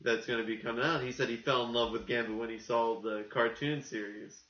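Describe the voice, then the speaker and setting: A man co-hosting a casual podcast, talking in an animated, rambling way and acting out the quotes he tells. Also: mid-range voice, fairly quick. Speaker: podcast co-host. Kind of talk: casual chat. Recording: muffled, echoey room.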